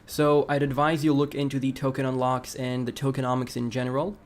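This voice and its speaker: A man of ordinary middle pitch hosts a live crypto stream. He talks through charts in a relaxed, conversational way and stops now and then to read viewer messages aloud. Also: a little fast. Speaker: crypto livestream host. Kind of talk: casual livestream chart analysis.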